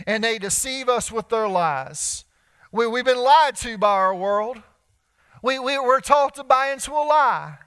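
A man's voice: high voice, a bit bright, clean tone. A young man preaching a sermon as pastor, pleading and building in intensity. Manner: preaching with rising intensity and repeated pleas.

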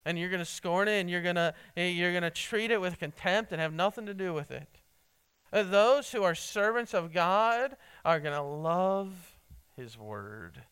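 A man preaching an earnest sermon, halting often with restarts and fillers as he reads and explains scripture. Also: high-pitched, lively intonation, a bit bright, smooth. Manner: reads scripture and quotes aloud. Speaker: pastor.

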